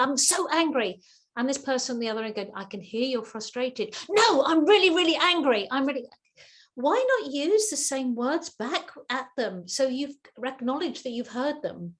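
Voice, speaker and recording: A woman, a guest expert on a video call, answers questions with lively advice, repeating words and acting out the people she quotes. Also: a little high. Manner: animated, acts out quoted voices, repeats words. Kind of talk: webinar Q&A advice.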